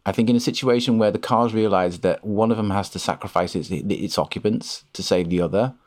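A man's voice: on the low side, fairly quick. A man co-hosting a podcast in casual chat, wry and teasing. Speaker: podcast co-host.

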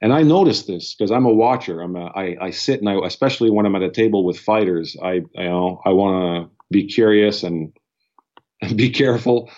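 A man's voice: fairly low pitch, a little fast, darkish tone, highs cut off. Blunt, swearing man rambling with restarts. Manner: blunt, profane, restarts sentences a lot. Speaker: podcast guest. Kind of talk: casual chat.

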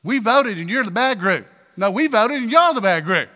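Bright-voiced preacher in a reverberant hall. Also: male voice, sits high. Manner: preaches with rhetorical questions and sudden loud emphatic bursts. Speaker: pastor. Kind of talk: sermon. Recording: reverberant hall with faint music.

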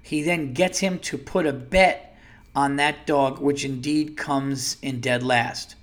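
A man's voice: medium pitch, steady tone, takes it slowly, fairly bright tone. Rambling, crude male podcast host. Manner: reads listener emails aloud. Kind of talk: casual solo podcast.

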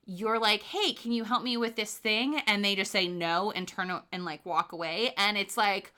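A woman's voice: medium pitch, normal speed, bright, forceful tone. A young woman co-hosting a casual podcast chat, ranting with exasperation and swearing freely. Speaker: podcast co-host. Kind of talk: casual chat recapping a reality show.

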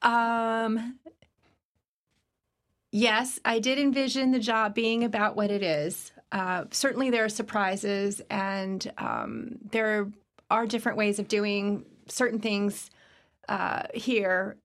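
A woman's voice: mid-range voice, steady tone, slow pace, fairly bright tone. A middle-aged woman from Virginia speaks unhurriedly in a casual podcast conversation. She is chatty, laughs easily and leans on fillers as she measures her words.

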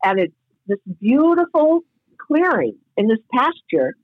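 A woman's voice: a little high, big pitch swings, unhurried, no room sound, narrow, tinny audio. A woman guest telling a reflective personal story in casual podcast talk, heard over a call. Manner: earnest, reflective, spiritual storyteller.

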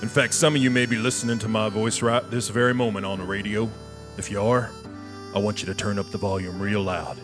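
A man's voice: fairly low pitch, fairly even intonation, brisk. A man in a live comedy radio show, mumbling and chatty, talking to himself in a theatrical way. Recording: music playing under the voice.

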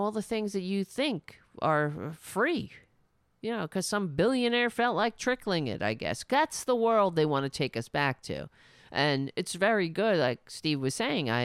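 A woman's voice: mid-range voice, clear, resonant tone, dry recording, clean studio sound. A middle-aged woman hosting a show, giving indignant, sarcastic political commentary. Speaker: host.

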